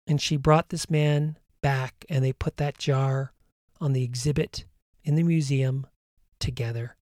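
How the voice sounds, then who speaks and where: A man hosting, earnestly retelling a story and guiding a calm breathing meditation. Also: medium pitch, unhurried, no room sound, studio quality.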